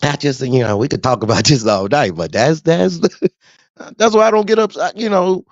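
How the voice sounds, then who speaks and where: Animated trucker man, lively pitch. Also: moderate pace, no echo. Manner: animated, street slang, frequent laughs. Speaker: truck driver. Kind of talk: casual rant to camera. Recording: dull dry lo-fi sound.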